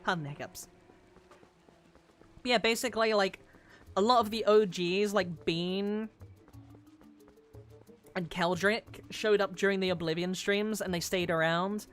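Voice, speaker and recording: A young woman from London chatting casually while streaming a game, swearing freely and now and then breaking into loud yelling. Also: mid-range voice, unhurried, long pauses, soft background music. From London, England. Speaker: VTuber streamer. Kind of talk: casual gaming stream chat.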